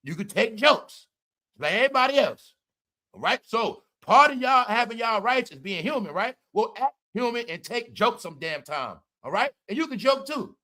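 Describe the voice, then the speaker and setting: High, bright-voiced man ranting on a livestream. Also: sing-song, normal speed. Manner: loud, laughing, profane, repeats "all right?". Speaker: commentary livestream host. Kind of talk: casual livestream commentary.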